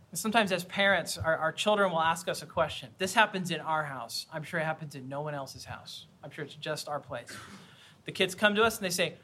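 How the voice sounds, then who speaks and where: Bright, high-voiced male preacher. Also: brisk. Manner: earnest, conversational preaching with repetitions. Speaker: pastor. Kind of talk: sermon.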